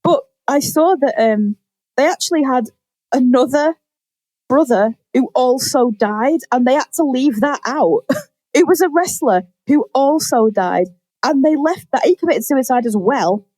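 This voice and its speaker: Animated woman telling a story. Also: high voice, dry recording. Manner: animated storytelling, quick acted-out quotes, frequent swearing. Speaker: podcast co-host. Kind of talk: casual chat.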